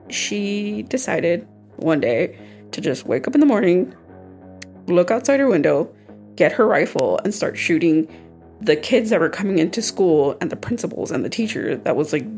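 This is a young woman's podcast co-host chatter: casual, loose, and conversational, with frequent fillers and restarts. Her voice sits on the low side, expressive and darkish, at a normal speed, with faint music in the background.

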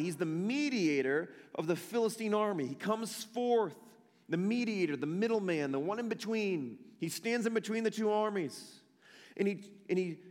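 High-voiced preacher in a reverberant hall. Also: male voice. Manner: emphatic storytelling, repeats phrases for emphasis. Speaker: pastor. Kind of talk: sermon.

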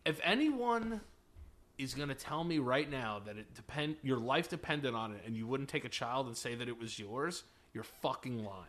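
A man co-hosting a comedy podcast at an ordinary middle pitch. He swears freely and pushes every claim to an extreme. The delivery is emphatic and casual, built for comic banter. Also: animated, moderate pace, fairly bright tone. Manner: profane, emphatic, exaggerating. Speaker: podcast co-host.

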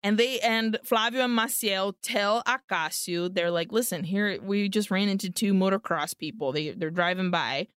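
A woman's voice: medium pitch, normal speed, hardly any pauses, fairly bright tone, clean tone, no room sound, studio quality. A woman co-hosting a podcast, animatedly retelling a film's plot and acting out the characters' lines. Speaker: podcast co-host. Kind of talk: casual film recap chat.

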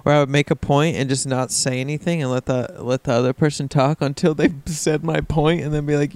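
A man's voice: a little high, fairly even intonation, a little fast, hardly any pauses, darkish tone, clear, resonant tone, no echo. A man co-hosting a casual podcast, laid-back and teasing, answering with short replies and easy laughs. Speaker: podcast co-host. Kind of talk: casual chat.

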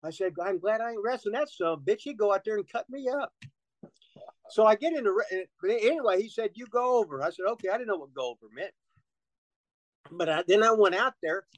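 A man's voice: high-pitched, expressive, fairly quick, no room sound, rough recording. Profane, rambling man telling stories. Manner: profane, rambling, laughing storyteller. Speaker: interview guest. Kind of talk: storytelling in a casual interview.

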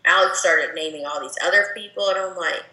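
A woman's voice: fairly low pitch, fairly quick, sharp tone, reverberant, poor audio. A woman chatting casually, telling stories animatedly with lots of "like" and quoted asides. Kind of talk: casual chat.

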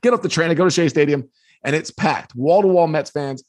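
Animated man in his fifties telling a story. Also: a little high, brisk, no echo. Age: 50s. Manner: animated, with frequent restarts. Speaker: author, guest. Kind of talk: storytelling in conversation.

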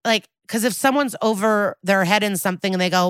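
A woman's voice: medium pitch, brisk, a bit bright, smooth, no echo. A woman co-hosting a podcast, recapping a TV episode in a casual, sarcastic and blunt way. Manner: sarcastic, blunt storytelling with profanity.

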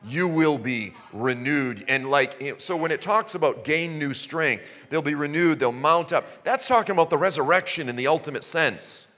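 A man's voice: fairly high pitch, expressive, moderate pace, few pauses, sharp tone. A man preaching a sermon, conversational at first and building to passionate emphasis. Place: church. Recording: long reverb in a church hall.

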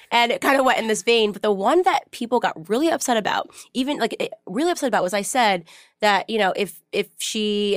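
A woman hosting a podcast, telling a personal story in casual, animated interview chat with many fillers. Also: mid-range voice, no room sound, clean studio sound. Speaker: podcast host.

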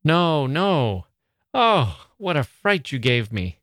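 A man's voice: mid-range voice, animated, a little slow, dry recording, clean studio sound. A man reading aloud, voicing a poised upper-class mother who talks in an airy, condescending way.

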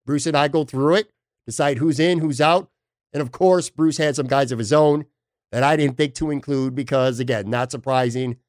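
A man's voice: medium pitch, moderate pace, a little mellow, no room sound, studio quality. A man hosting a sports podcast, talking in a blunt, emphatic, casual way with the odd swear word. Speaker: podcast host.

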